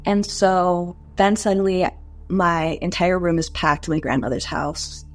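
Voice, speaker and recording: A young woman in her twenties tells her own life story to an interviewer in a candid, conversational way. Her voice sits a little low for a woman, and she leans on casual fillers and sometimes lifts her pitch to act out what others said. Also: a little slow, soft background music. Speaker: interview guest.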